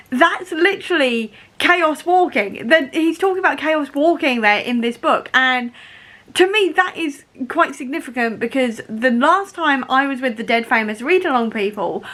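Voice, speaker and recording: A woman's voice: fairly high pitch, sharp tone. A young woman vlogging casually about a book she is reading, gushing and emotional, often laughing.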